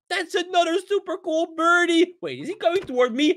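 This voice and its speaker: A man playing a video game, panicking, shouting and marveling at what happens around him. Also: very high-pitched, fairly quick. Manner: panicky, shouting, childlike wonder. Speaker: prank target. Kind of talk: excited gaming chatter.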